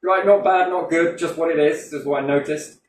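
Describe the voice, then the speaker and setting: A man's voice: a little high, steady tone, normal speed, a little hiss or hum. A man in casual chat, rambling, swearing a lot and asking himself rhetorical questions. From Britain. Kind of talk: casual conversational rant. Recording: roomy echo from a distant mic.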